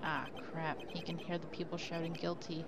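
A woman's voice: low-pitched, level tone, normal speed, very noisy. A woman commenting playfully on a video game as she plays, joking and reacting. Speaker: let's player. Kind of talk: casual game commentary with voiced dialogue.

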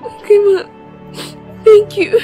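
A woman's voice: extremely high pitch, level tone, slow, dark tone, soft background music. An actress playing a grieving young woman who speaks tearfully and pleadingly. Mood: grateful.

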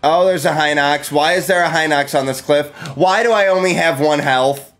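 A man's voice: fairly high pitch, normal speed, a bit bright, faint music behind. A man streaming a video game live, playful and exclaiming, laughing often and thanking his chat. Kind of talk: live gameplay commentary.

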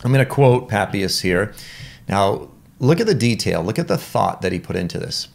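A middle-aged man teaching a Bible lesson, his low voice carrying a gravelly rasp. He explains each point with earnest emphasis and leans into the quotes he reads aloud, in the steady manner of a classroom lecture. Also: moderate pace. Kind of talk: lecture on church history.

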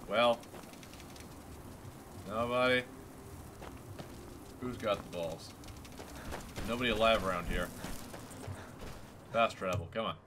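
A man's voice: low-pitched, noisy background. A man casually commenting on a video game as he plays, joking and chatting to the characters on screen. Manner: playful, jokey, talks to game characters. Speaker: gaming YouTuber. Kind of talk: casual Let's Play commentary. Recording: game music loud behind voice. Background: game music.

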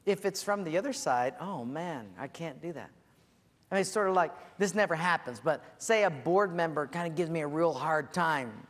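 A man preaching a sermon as a pastor, telling stories with lively acted-out voices and sudden shouts. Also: a little high, normal speed, big-room sound. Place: church.

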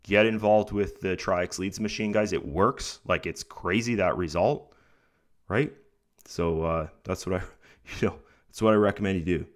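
Sick-sounding young man, lowish voice. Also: normal speed. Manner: chatty and pep-talking, full of "guys" and "right?". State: sick, with a rough throat. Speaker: online income vlogger. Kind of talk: casual talk to camera over screen recording.

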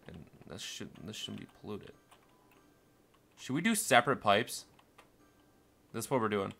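A young man commentating his city-building game, muttering along and then bursting into panicked, cursing shouts. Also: on the low side, big pitch swings, moderate pace, creaky, breathy edge. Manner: swings from mumbling to panicked yelling, swears constantly. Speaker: gameplay streamer. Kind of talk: casual let's-play commentary.

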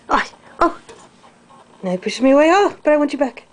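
A young woman filming her cat on the stairs at home, talking to it in sing-song baby talk and sometimes dropping to a soft whisper. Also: high-pitched, sing-song, fairly quick, long pauses. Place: house stairway, indoors. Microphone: handheld camera mic.

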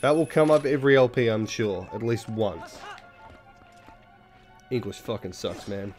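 A man's voice: lowish voice, lively intonation, unhurried, music in the background. A young man giving rambling, jokey, sweary commentary while playing a video game. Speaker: let's play host. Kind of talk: casual gameplay commentary.

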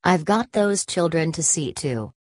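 A woman's voice: deep voice, lively intonation, a little slow, no echo, studio quality. A woman voicing a fierce, embattled working-class wife and mother who answers with cutting retorts. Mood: furious.

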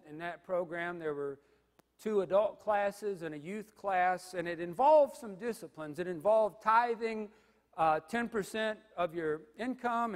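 Male pastor, 50s, high-pitched, dynamic sermon delivery in a reverberant sanctuary. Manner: dynamic preaching, big swings from loud to hushed. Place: church sanctuary.

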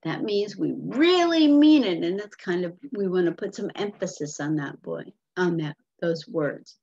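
A woman's voice: lowish voice, expressive, a little slow, creaky, darkish tone, husky. A woman teacher reading a picture book aloud to children, patiently explaining and asking questions, on a muffled lo-fi recording.

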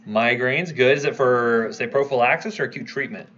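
A man's voice: medium pitch, normal speed, a bit bright, highs cut off, slight background noise. A man teaching a pharmacology review class, quizzing students and checking in with "right?" as he goes. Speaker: pharmacology instructor. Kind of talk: review lecture.

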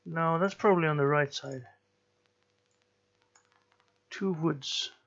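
Slow, gravelly man musing over a game. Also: on the high side, fairly bright tone, muffled recording. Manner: slow, musing, thinking aloud. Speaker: gameplay commentator. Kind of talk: let's play commentary.

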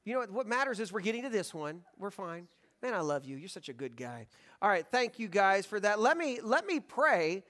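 A man in his thirties with a high, light voice leads worship as pastor. He talks to the congregation in a relaxed, joking way. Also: fairly quick. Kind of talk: sermon. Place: church sanctuary.

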